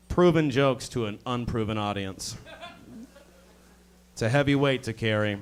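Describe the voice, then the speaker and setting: A man's voice: medium pitch, normal speed. A male stand-up comedian on a club stage, swearing and mock-insulting the audience between jokes.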